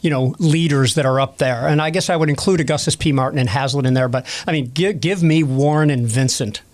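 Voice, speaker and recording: A man's voice: mid-range voice, brisk. A man as a guest historian, answering viewer questions in a rambling, casual way with many fillers and self-corrections. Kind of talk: casual expert Q&A.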